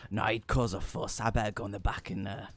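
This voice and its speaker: A man's voice: lowish voice, quick pace, creaky. A man doing a bored, grudging bartender. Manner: flat, reluctant.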